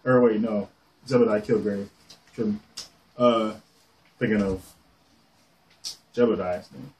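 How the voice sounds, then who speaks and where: A man casually showing off his comic collection on camera, rambling excitedly and swearing casually as he goes. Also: lowish voice, unhurried. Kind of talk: casual show-and-tell.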